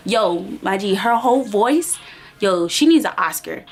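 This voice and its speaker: A woman's voice: mid-range voice, measured pace, faint music behind. Slangy young woman telling a storytime. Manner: animated, slangy, acts out every voice in the story. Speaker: vlogger. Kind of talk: casual storytime.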